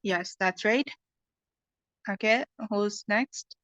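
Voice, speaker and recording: A woman's voice: mid-range voice, slow pace, a bit bright, no room sound, poor audio. A woman teaching an online English class, explaining patiently and checking in with "okay".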